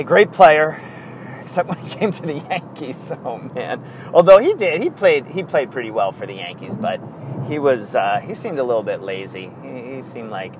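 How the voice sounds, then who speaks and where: Male podcast host, casual solo talk, rambling and chuckling, faint traffic behind. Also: mid-range voice. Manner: rambling, chuckling storytelling with self-corrections.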